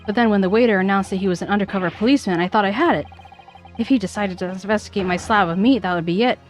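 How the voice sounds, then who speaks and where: A woman's voice: medium pitch, racing, soft background music, natural voice. A woman voicing a pompous, blustering male army sergeant in a game.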